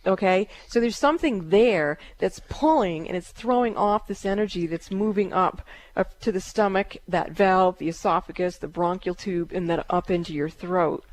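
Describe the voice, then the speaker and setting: A woman hosting a call-in psychic radio show, giving calm, halting readings with many fillers. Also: lowish voice.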